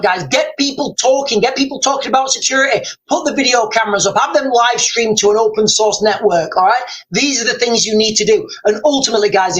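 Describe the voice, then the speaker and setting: A man's voice: high voice, fairly bright tone, low-quality recording. A man hosting a livestream, talking urgently and rambling, with a habit of addressing viewers as "guys.". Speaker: livestream host. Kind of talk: livestream commentary.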